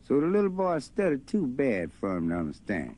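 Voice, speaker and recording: A man telling a folk story in a relaxed, rambling way. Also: mid-range voice, a little fast. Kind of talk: folk storytelling over guitar. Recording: faint guitar behind voice.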